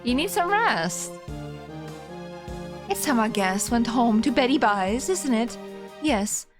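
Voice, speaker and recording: A woman voicing a condescending female prison warden with a drawn-out, sing-song put-on accent. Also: fairly high pitch, lively intonation, over music. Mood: patronizing.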